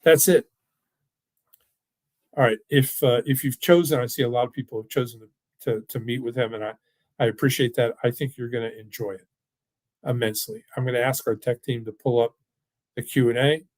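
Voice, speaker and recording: A man's voice: mid-range voice, fairly even intonation, fairly quick, a little mellow, no room sound. A middle-aged man running a finance webinar, talking casually and persuasively with frequent restarts, over a video call mic. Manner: emphatic, with frequent restarts and repeated "look". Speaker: financial firm owner hosting a webinar. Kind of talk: casual, persuasive talk and Q&A answers.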